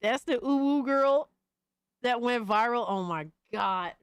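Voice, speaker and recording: A woman streamer reacting to clips live, with loud, incredulous exclaiming and cursing. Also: on the high side, unhurried, clean tone, no room sound. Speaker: streamer host.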